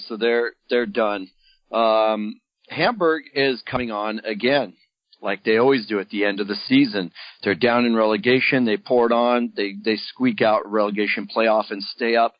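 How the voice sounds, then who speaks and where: A man's voice: mid-range voice, no echo. Man giving a dry, lo-fi football rundown. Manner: matter-of-fact rundown of standings. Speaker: podcast co-host. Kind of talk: casual football podcast chat. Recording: dry, dull lo-fi podcast audio.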